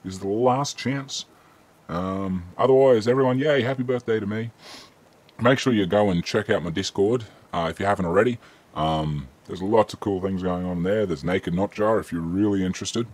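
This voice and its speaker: Man, Australian accent, deep, slightly raspy, casual live-stream Q&A host, chatty, reads chat aloud. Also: moderate pace. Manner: relaxed, chatty, reads chat questions aloud with frequent ums. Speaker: streamer answering viewer questions.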